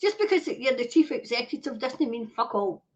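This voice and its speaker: A woman's voice: fairly high pitch, sing-song, normal speed. A woman hosting a commentary show, reading news aloud and breaking into angry, swearing rants full of rhetorical questions, with occasional coughs. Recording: dull lo-fi home recording.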